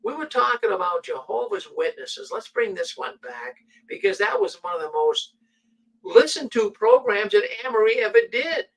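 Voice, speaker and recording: Guy hosting a chat show, high voice that swings all over, set back from the mic. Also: big pitch swings, normal speed, creaky, fairly bright tone, recorded from a distance, poor audio. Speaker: host. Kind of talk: casual radio talk.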